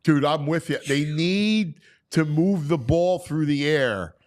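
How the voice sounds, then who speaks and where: A man hosting a casual sports talk show, loud and jokey in his banter with guests. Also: a little high, slow pace. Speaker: show host.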